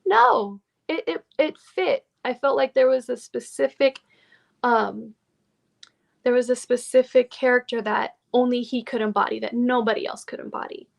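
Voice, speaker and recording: Actor guest, female, thoughtful and hesitant, a touch of vocal fry. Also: a little high. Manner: reflective, halting with many fillers. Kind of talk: casual podcast conversation.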